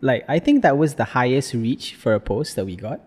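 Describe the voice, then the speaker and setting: A young Malaysian-English-accented man co-hosting a casual podcast, jokey and quick to swear. His voice is mid-pitched, with a long reverb tail around it. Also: big pitch swings, a little mellow, slightly rough. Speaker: podcast co-host. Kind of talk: casual chat.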